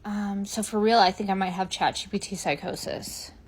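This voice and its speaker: A woman in a sarcastic comedic monologue, swinging between whispered asides and loud exasperated outbursts. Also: medium pitch, fairly even intonation, normal speed, noisy background. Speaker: content creator.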